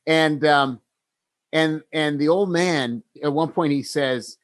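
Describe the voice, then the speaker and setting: A man's voice: a little high, slow, no room sound. Dry-sounding man retelling a story. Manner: retells scenes acting out characters' lines. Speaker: podcast co-host. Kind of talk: casual storytelling chat.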